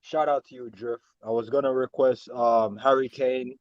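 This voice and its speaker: A man calling in to a fan show, telling a story in an animated, slangy way. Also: mid-range voice, normal speed, dry recording, muffled recording. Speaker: caller. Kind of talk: casual call-in chat.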